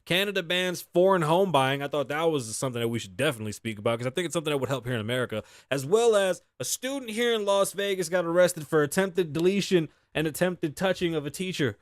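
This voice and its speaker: A man's voice: on the high side, fast talker, hardly any pauses, no room sound, clean studio sound. A man hosting his live show, talking casually and profanely, telling stories with sighs and laughs. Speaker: host. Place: Las Vegas.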